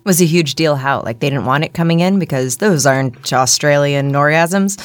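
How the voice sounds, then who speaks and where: A woman's voice: low-pitched, normal speed, soft background music. A woman from Canada, co-hosting a film podcast in a lecturing style, blunt and casually profane. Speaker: podcast co-host.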